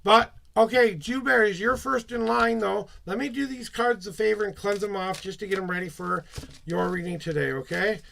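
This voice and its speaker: A man's voice: high-pitched, normal speed, gravelly, fairly bright tone, slight background noise. A man reading tarot on a live stream, chatty, rambling and upbeat as he talks to his viewers.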